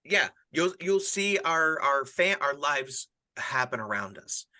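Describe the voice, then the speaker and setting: A man's voice: fairly high pitch, sing-song, takes it slowly, bright, forceful tone. A middle-aged man, a pastor and podcast host, talking earnestly about grief in a casual chat, often restarting his sentences. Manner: earnest, rambling with frequent restarts. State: widowed, grieving.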